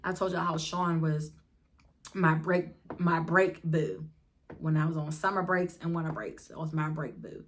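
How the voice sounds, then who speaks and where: A young woman vlogger telling a storytime in a chatty, animated way, talking straight to her viewers. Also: low voice, measured pace, slight background noise. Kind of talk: casual storytime.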